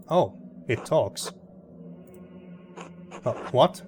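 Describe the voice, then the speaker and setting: A man's voice: medium pitch, normal speed, a little hiss or hum. A man hosting a story game playthrough, reacting earnestly and openly emotional. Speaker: let's play host. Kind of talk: gameplay commentary.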